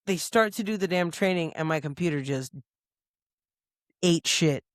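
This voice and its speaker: A woman co-hosting a podcast, telling a casual story with lots of swearing and quick impressions of other people's voices. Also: fairly low pitch, no echo, studio quality. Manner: profane, lively, acts out others' lines. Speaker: podcast co-host. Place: podcast studio.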